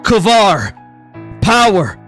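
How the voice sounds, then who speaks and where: A man playing a fierce young fighter, blood on his hands, who speaks in a level, monotone voice with a high pitch for a man. Faint music plays underneath. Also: very slow, heavily acted. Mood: pleading. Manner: pleading then firm, monotone. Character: intense young man confronting a woman, blood-stained, steady and unflinching.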